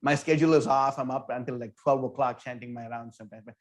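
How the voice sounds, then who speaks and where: A man who leads a temple's book distribution team tells a story in a casual interview, talking in an animated way, full of "like" and "you know". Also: mid-range voice, fast. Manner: animated, filler-heavy, with many "like" and "you know".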